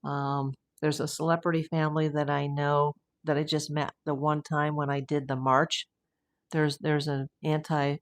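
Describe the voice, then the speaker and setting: A woman hosting a casual livestream, chatting with viewers and rambling easily between comments and news. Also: a bass voice. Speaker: true crime livestream host. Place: home.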